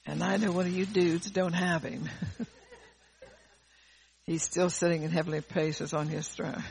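A woman's voice: fairly low pitch, flat delivery, a little slow, creaky, a little mellow. A woman preacher delivering a fervent sermon, repeating words and phrases for emphasis.

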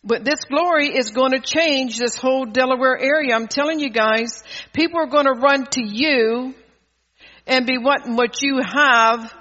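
A man's voice: very high-pitched, moderate pace, bright, forceful tone. A man preaching a fervent sermon at a church service, asking the congregation rhetorical questions. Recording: dull audio with long hall reverb.

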